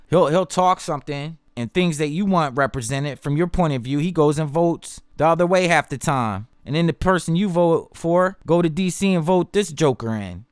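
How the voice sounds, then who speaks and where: A man's voice: fairly high pitch, smooth, dry recording, studio quality. A man hosting a podcast in a loose, slangy, repetitive monologue, mocking and talking straight to his listeners. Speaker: podcast host. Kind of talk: casual political monologue.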